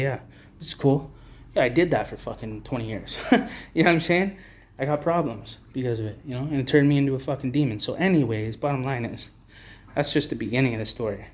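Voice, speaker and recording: A man's voice: mid-range voice, a little hiss or hum. A man delivering a profane, blunt, rambling to-camera rant as an advocate for homeless people. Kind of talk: ranting to-camera monologue.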